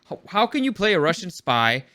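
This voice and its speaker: A man's voice: high voice, very animated, brisk, bright, forceful tone, no echo. A man hosting his own podcast late at night, rambling and opinionated, often correcting himself. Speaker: podcast host. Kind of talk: casual opinion podcast commentary.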